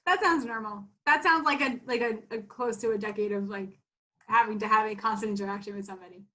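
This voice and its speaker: A woman's voice: mid-range voice, fairly even intonation, fast talker, sharp tone. A woman co-hosting a podcast, chatting casually in an easygoing way, laughing along. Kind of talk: casual chat.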